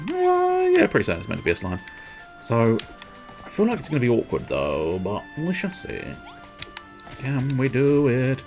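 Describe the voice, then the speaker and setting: Streamer, man, playful rambling game commentary, lively, sing-song delivery. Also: mid-range voice, moderate pace, soft background music. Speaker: livestreamer. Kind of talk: casual gameplay commentary.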